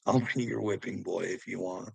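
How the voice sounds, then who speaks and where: A man's voice: deep voice, fairly even intonation, brisk, gravelly, darkish tone, breathy edge, dry recording, poor audio. A man rambling to his viewers in a casual monologue, preachy and taunting, jumping between topics and laughing to himself. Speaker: vlogger answering commenters.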